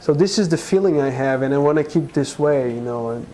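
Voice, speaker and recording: This man from Brazil talks in a mellow, slightly raised voice, earnest and halting, restarting his sentences often. A faint hiss sits behind him. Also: a little high, rough recording. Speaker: guest. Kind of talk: conversational interview.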